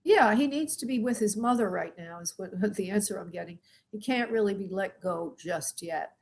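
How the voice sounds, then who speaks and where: A middle-aged woman who works as a spirit medium hosts a call-in show, speaking at a moderate pace in an expressive, medium-pitched voice. She gives callers live readings, calls them sweetheart and honey, and asks the spirits yes-or-no questions.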